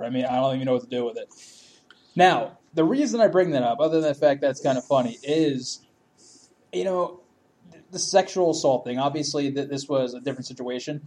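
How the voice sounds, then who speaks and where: A man's voice: a little high, animated, quick pace, a little mellow. A man telling a story in casual chat, laughing often, swearing freely and acting out what people said.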